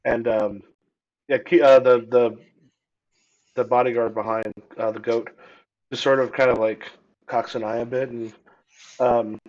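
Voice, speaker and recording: A man's voice: medium pitch, flat delivery, measured pace, pauses often, a little mellow. Rambling male game master, lo-fi. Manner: hesitant, many fillers. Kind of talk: narrating a tabletop game. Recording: dull lo-fi audio.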